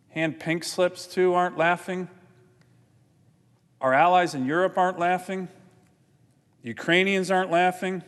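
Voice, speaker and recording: A man giving an indignant, forceful floor speech as a senator, often repeating his points. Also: fairly high pitch, in a large hall. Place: large legislative chamber.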